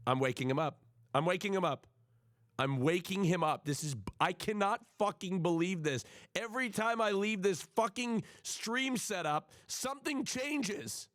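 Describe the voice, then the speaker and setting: A man's voice: high-pitched, normal speed, dry recording, studio quality. A man livestreaming in casual chat, swearing a lot and swinging into mock outrage, at his home stream setup. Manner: profane, excitable, mock-outraged.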